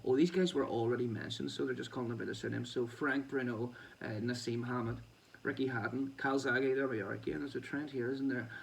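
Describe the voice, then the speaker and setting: Gravelly man, off-mic. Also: mid-range voice, a little fast, far from the mic, slight background noise, low-quality recording. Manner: swearing, chatty, laughing asides. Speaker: boxing show host. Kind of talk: reading news aloud with casual commentary.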